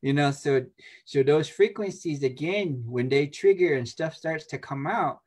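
Animated man explaining spiritual ideas. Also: fairly high pitch, measured pace, husky. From United States. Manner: animated, laughs often and acts out quoted voices. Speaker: interview guest, shaman. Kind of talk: casual spiritual talk.

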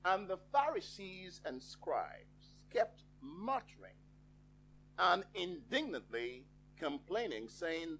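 A man preaching a sermon in a church, with slow, emphatic phrasing and dramatic pauses. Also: a little high, big pitch swings, a bit bright, slight background noise, rough recording.

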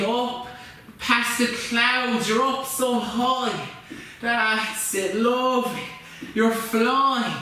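Man, gentle encouraging yoga teacher, bright voice, echoey distant room. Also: high voice. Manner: gentle, encouraging, playful instructions. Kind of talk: guided kids' yoga class. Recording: echoey room, mic far off.

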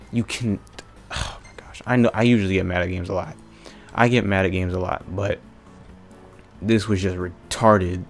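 Low-voiced man ranting over gameplay. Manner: exasperated, ranting, muttering to himself; casual slangy talk. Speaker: gaming channel host. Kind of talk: let's play commentary.

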